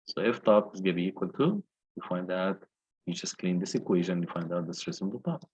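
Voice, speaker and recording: A man's voice: deep voice, fairly quick, darkish tone, slightly rough, muffled recording. A male engineering lecturer walking through calculations step by step and asking the class questions. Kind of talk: recorded lecture walkthrough.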